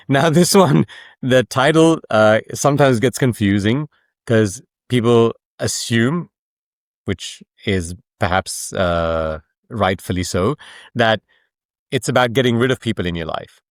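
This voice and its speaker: A man speaking in an interview at a middle pitch, with an explanatory, emphatic way of talking. He leans on rhetorical questions to drive his points home. The sound is dry and close. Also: slow, no echo. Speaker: author and coach, podcast guest. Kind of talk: conversational interview.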